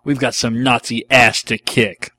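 A man's voice: mid-range voice, moderate pace, slightly rough, no echo, natural voice. Man reading a heroic alien fighter, confident, tender and firm; near his own voice. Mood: eager. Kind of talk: reading a fan fiction aloud.

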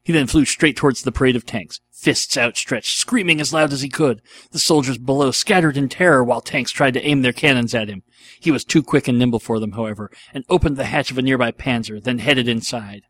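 A man's voice: medium pitch, fairly bright tone. Male narrator, earnest dramatic read of a fan fiction. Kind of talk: reading a fan fiction aloud.

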